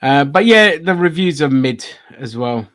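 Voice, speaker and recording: A man's voice: on the high side, animated, measured pace, a bit bright. A man hosting a casual chat show, blunt and profane, ranting at length about games and comics. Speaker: podcast host.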